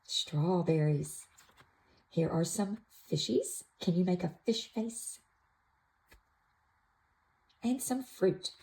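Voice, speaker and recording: A woman gently showing an activity book to toddlers, naming pictures in a soft, sing-song way. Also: lowish voice, lively intonation, takes it slowly, pauses often, rough recording. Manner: soft, sing-song, with playful animal sounds. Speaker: toddler class teacher. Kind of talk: slow, gentle show-and-tell for toddlers.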